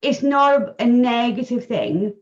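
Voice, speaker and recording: A woman's voice: fairly high pitch, a little slow, muffled recording. A woman hosting a casual podcast chat about dog training, talking things through and acting out little quoted scenes. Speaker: podcast host.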